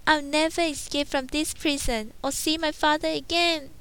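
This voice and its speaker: A woman voicing a gentle, earnest young woman in a storybook read-aloud, with a high, light, sweet voice. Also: fairly even intonation, moderate pace, low-quality recording. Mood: wistful.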